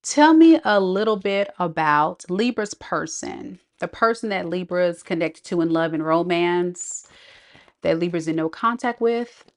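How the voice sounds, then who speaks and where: A woman's voice: fairly low pitch, expressive, measured pace. Chatty woman giving a live tarot reading. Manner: chatty, slangy, laughs often, addresses viewers directly. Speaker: tarot reader.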